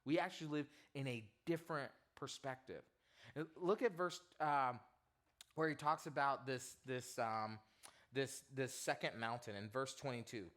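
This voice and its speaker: A man preaching to students as their youth pastor, telling a comic story in an animated way and quizzing the audience. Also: mid-range voice, a little slow.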